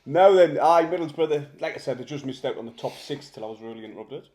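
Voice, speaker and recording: A man chats about football in an easygoing, conversational way, often turning to his co-host with a question. His voice is mid-pitched and carries a noticeable room echo. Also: expressive, fast talker, darkish tone. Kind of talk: casual football chat.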